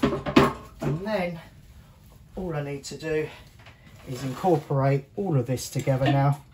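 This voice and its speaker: A man's voice: fairly high pitch, measured pace, darkish tone, slight background noise. A man hosting a cooking show, chatting casually as he walks viewers through each step of a recipe in a kitchen. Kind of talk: cooking demonstration.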